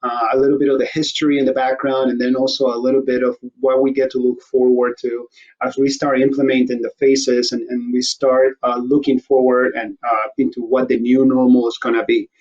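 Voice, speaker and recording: A man's voice: medium pitch, flat delivery, brisk, a little mellow. Joking male host, dull lo-fi sound. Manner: irreverent, joking, swears casually. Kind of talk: casual joking interview.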